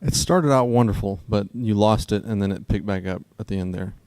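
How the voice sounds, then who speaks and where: A man with a lowish voice hosts a casual debate, thinking aloud as he goes. His speech is halting and full of fillers and restarts. The sound is dry and close. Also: darkish tone, clear, resonant tone, dry recording. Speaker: co-host.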